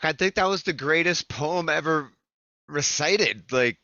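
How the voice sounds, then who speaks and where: A man's voice: on the high side, unhurried, pushed and bright, no room sound, muffled recording. A man hosting an online open mic, chatting casually and effusively, swearing and saying "like" often. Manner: effusive, swears a lot, filler 'like'. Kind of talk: casual chat. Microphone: video call.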